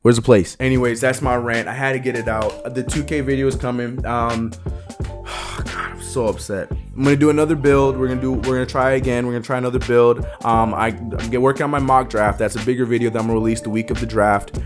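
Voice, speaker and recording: A young man hosting a sports channel, ranting in an animated, emphatic way and stretching words out slowly to hammer a point. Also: medium pitch, over music.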